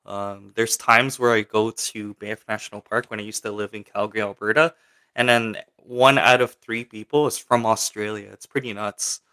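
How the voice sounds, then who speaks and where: A man's voice: fairly low pitch, steady tone, normal speed, sharp tone, clear, resonant tone. Chatty young man answering his livestream chat. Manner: chatty and rambling, many fillers, reads chat questions aloud. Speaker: livestream host. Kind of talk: casual livestream chat, answering viewer comments.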